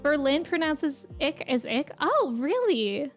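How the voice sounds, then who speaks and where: Chatty young woman streamer, high voice. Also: very animated, slow pace, soft background music. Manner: chatty, giggly, reads out viewer comments. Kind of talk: casual chat with live viewers.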